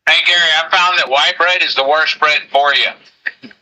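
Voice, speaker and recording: A man's voice: a little high, moderate pace, bright, forceful tone, poor audio. A man calling into a livestream, needling the host in casual, teasing banter.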